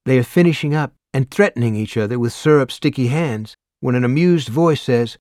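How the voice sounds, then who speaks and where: A man reading a novel aloud in a measured, expressive storytelling voice, close to the mic. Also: mid-range voice, no echo. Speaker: audiobook narrator. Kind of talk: scripted narration.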